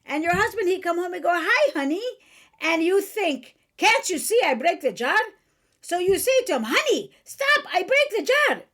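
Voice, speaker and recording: A woman's voice: high-pitched, lively intonation, moderate pace, hardly any pauses. A woman doing her blunt immigrant mother. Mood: animated. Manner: broken English, emphatic. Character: blunt older immigrant mother giving advice.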